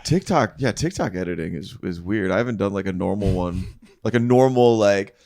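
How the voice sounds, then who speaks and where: A man's voice: fairly low pitch, expressive, a little fast, creaky, a little mellow, no room sound, clean studio sound. A man hosting a podcast in casual chat, laid-back and agreeable, often saying yeah. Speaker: podcast host. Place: living room. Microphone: close podcast mic.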